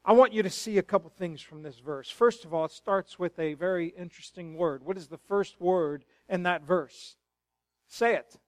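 A middle-aged male pastor giving a sermon in a church, moving from quiet, hushed storytelling to loud, fervent exclamations. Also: high voice, moderate pace, dry recording. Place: church sanctuary.

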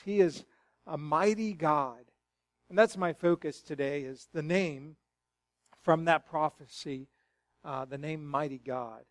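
A middle-aged male pastor giving a sermon in a church, moving from quiet, hushed storytelling to loud, fervent exclamations. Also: fairly high pitch, no echo. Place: church sanctuary.

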